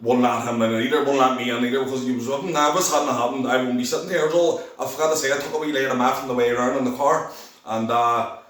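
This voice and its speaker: A man from Northern Ireland with a Belfast accent gives his personal testimony, rambling, restarting often, and acting out the voices of people he quotes. His medium-pitched voice is fairly bright, quick, and fairly even in intonation, captured on a distant mic in a very echoey, low-quality recording.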